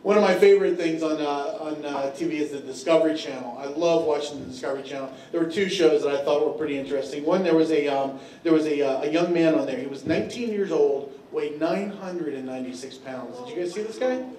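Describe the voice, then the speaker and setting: A man's voice: a little high, fast talker, few pauses, mellow. A man from Tennessee, doing a stand-up comedy set in a drawling, storytelling way with lots of fillers. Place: comedy club stage. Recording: echoey room from a distance.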